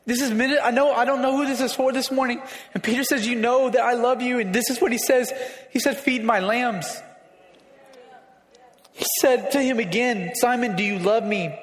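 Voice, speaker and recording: A man preaching a sermon as pastor, emotional and rising to shouts. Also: very high voice, normal speed. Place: church hall. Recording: echoey hall.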